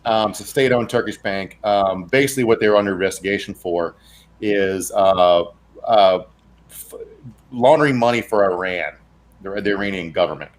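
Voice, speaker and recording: A man's voice: on the low side, normal speed. A man co-hosting a casual political comedy chat, rambling with laughs and profane asides. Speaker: co-host.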